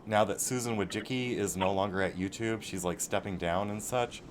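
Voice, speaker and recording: A low-voiced man hosts a casual live-stream chat, ranting bluntly and swearing freely. A faint hiss sits under his voice. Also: steady tone, moderate pace. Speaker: show host.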